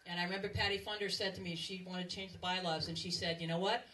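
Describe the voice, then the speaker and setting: Speaking quickly in a lowish voice with little pitch movement, a woman in her fifties delivers a humorous farewell speech as outgoing president and emcee. She's self-mocking and joking, with many fillers, in a large banquet room full of laughing guests. The recording is distant and noisy over the loud crowd.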